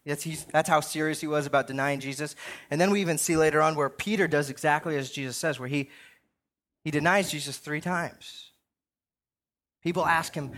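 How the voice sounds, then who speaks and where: A man's voice: on the high side, a little fast, a bit bright. A younger man preaching a sermon in a conversational way, often checking in with "right?". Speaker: pastor.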